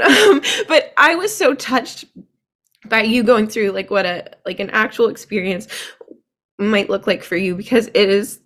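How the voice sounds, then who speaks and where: A woman program participant, tearful and halting, searching for words with many fillers. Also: fairly high pitch, expressive, fairly bright tone. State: tearful, trying to compose herself.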